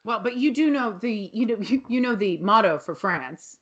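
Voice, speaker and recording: A woman's voice: a little high, lively intonation, moderate pace, a bit bright, muffled recording. A woman co-hosting a podcast, recapping a TV episode in casual chat, swearing and acting out the characters' lines. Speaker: podcast co-host.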